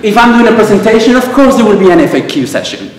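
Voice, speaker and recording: A man from Venezuela with a Venezuelan Spanish accent, giving a humorous speech at a club and pausing for laughs as he tells stories. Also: high-pitched, very animated, a little hiss or hum. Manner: storytelling with quoted exchanges, pausing for audience laughs. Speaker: club speaker. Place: club meeting room. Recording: echoey room, miked from a distance.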